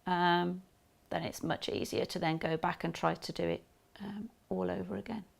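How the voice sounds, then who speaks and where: A woman's voice: lowish voice, steady tone, normal speed, vocal fry. A middle-aged woman with a Black Country accent, chatting casually while demonstrating sewing, rambling with fillers and restarts.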